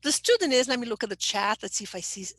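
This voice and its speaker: A woman's voice: a little high, expressive, quick pace, fairly bright tone, no echo. An older woman, a teacher trainer giving an online webinar who explains patiently and keeps checking in with "okay?". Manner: explanatory, reads chat aloud, frequent "okay?" check-ins.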